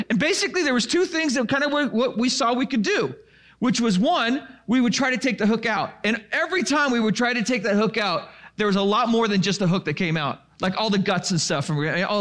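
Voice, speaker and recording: A man casually telling a rambling story to a live audience, full of restarts and fillers. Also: sits high. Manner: animated and chatty.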